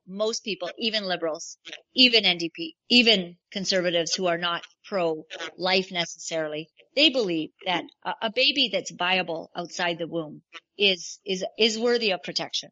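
A woman's voice: mid-range voice, no room sound, highs cut off. A woman, a political candidate from Canada, telling a story in an interview and acting out what others said, with many restarts. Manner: animated storyteller, acts out quoted voices, many restarts.

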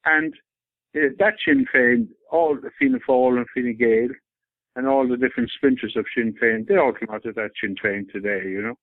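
A man's voice: mid-range voice, fairly even intonation, fairly quick, no echo, phone-quality sound. An Irish man giving a rambling, insistent account in an interview, often repeating himself.

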